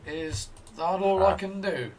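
A man's voice: high voice, slow pace, background noise. A man giving casual commentary as he plays a game, thinking aloud to himself. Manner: chatty, thinks aloud while playing. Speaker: let's play host.

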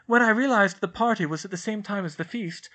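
A man voicing a bright, fussy young teenage schoolgirl who talks briskly and primly in an audiobook. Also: high voice, pitched above the performer's own voice.

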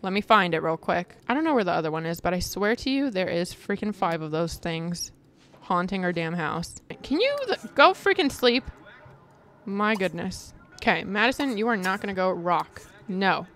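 A woman giving casual, excitable commentary over her own gameplay, chatting with viewers and reacting dramatically. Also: lowish voice, moderate pace. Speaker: gaming video creator.

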